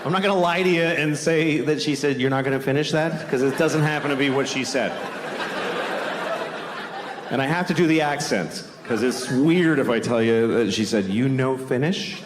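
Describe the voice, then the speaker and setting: On the high side and at a moderate pace, a middle-aged man performs a stand-up set that's blunt, crude and self-deprecating. Animated, he acts out scenes using put-on voices before a live audience on a large theater stage, recorded in an echoey hall with audience noise.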